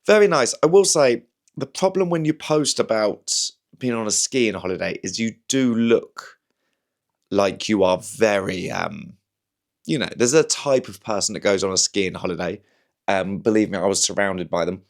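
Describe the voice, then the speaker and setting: A man's voice: on the low side, moderate pace. A young man from Slough with a slightly posh southern English accent, a comedian chatting casually on his own, rambling with lots of fillers and restarts and poking fun at himself. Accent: southern English, somewhat posh. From Slough, England. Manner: rambling, self-deprecating, many fillers and restarts. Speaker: comedian and podcast host. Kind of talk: casual solo chat.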